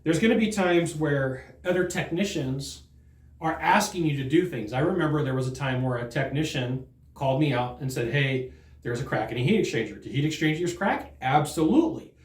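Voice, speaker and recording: A man's voice: on the high side, moderate pace, echoey room. A man talking earnestly and conversationally as a sales trainer, often restarting and repeating words as he makes his points. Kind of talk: direct-to-camera training talk.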